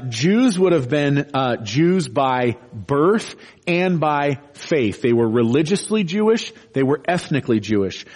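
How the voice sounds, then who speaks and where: A man's voice: fairly high pitch, darkish tone, breathy edge. Earnest man preaching verse by verse. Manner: earnest, explanatory, with frequent restarts and rising emphasis. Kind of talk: expository sermon.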